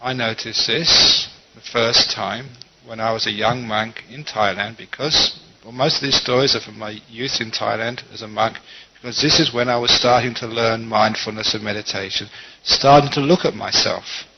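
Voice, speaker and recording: A middle-aged man gives a Buddhist dharma talk as a monk, teaching in a gentle, conversational way and slipping into quoted asides. His voice sits at an ordinary pitch. The recording is dull and lo-fi. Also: fairly even intonation, normal speed, noisy background.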